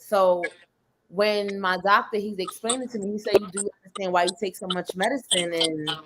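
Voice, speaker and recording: A woman in her thirties, a guest, telling a personal story in an animated way, acting out her younger self. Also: lowish voice, noisy background. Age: 30s.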